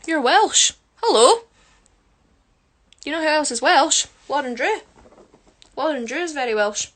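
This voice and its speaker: Woman hosting a casual phone livestream, high voice, playful and teasing, reads out comments between makeup steps. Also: expressive, moderate pace, a bit bright, slight background noise. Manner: chatty, teasing, jokes with viewers while doing her makeup. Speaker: livestream host answering viewer comments. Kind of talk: casual chat.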